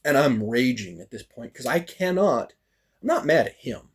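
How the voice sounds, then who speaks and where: Man, husky mid-pitched voice, casual animated storyteller who acts out dialogue. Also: normal speed. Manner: animated, acts out quoted lines, frequent fillers. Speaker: storyteller recounting a fighting practice.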